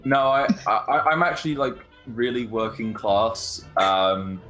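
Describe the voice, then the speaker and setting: A man's voice: on the low side, unhurried, a bit bright, soft background music. Stammering, well-spoken English man. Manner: stammering, restarts often. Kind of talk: casual group podcast chat.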